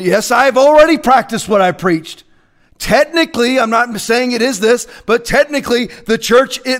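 A man preaching as a pastor in a fiery, confrontational rant, swinging between shouting and hushed asides. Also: very high-pitched.

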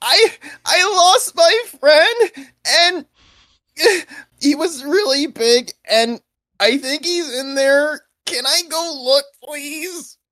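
A woman voicing a scared eleven-year-old girl who pleads through tears in a high, childish voice. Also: lively intonation, slow, fairly bright tone, no room sound, exaggerated voice. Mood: tearful pleading. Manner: whiny, sobbing pleas.

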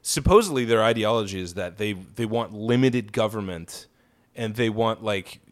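A man's voice: lowish voice, moderate pace. A man co-hosting a podcast, ranting and swearing through casual political chat, laughing often. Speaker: podcast co-host.

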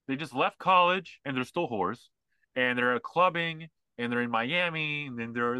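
A man talking casually on a podcast, rambling and mocking as he goes. His voice is bright and forceful, and it sits at a middle pitch. The sound is dry and close, with no room in it. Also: expressive, moderate pace, clean tone, dry recording, low-quality recording. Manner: rambling, mocking, mimics others in put-on voices. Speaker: podcast co-host.

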